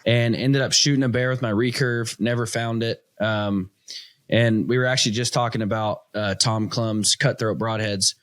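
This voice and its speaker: A man in his thirties hosting a casual chat, telling hunting stories with lively, slangy energy. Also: lowish voice, moderate pace, dry recording, studio quality. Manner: animated storyteller, says "dude" and "stinking". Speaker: podcast host.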